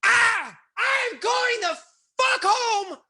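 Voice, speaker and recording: A man's voice: very high voice, lively intonation, drawn-out words, vocal fry, pitched above the performer's own voice, heavily acted. A man acting out a furious male shop owner who rants and swears in explosive rage. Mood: screaming. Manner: shouting, profane, sputtering rage.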